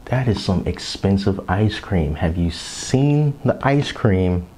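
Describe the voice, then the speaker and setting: Casting: man, thirties, lower voice, very lively rambling toy-review chatter, some whispered asides. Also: slow, slight background noise. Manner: chatty, rambling, drops into whispers so as not to wake his kids. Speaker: toy collector vlogger.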